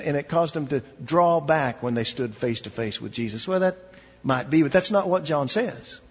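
A man preaching a sermon as pastor, swinging between hushed, low passages and emphatic, rising ones. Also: slightly rough. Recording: dull, echoey hall recording.

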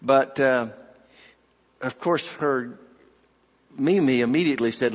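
A man delivers a sermon at a slow, unhurried pace, telling a family anecdote and reading scripture aloud. His voice carries a long reverb tail, and the sound is somewhat dull and muffled. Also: medium pitch, slight background noise. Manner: slow, deliberate preaching with personal stories and read scripture. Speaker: pastor.

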